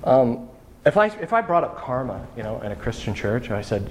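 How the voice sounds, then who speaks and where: A man's voice: mid-range voice, big pitch swings, a little fast, a little hiss or hum. A man preaching a sermon in a loose, conversational storytelling way, often restarting his sentences. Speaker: pastor.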